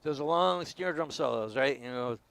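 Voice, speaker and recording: A man giving a drum lesson, explaining stroke types and counting beats out loud. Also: mid-range voice, moderate pace, clear, resonant tone, no echo, rough recording. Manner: explanatory, counts aloud with accents. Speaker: drum instructor. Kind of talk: demonstration lesson.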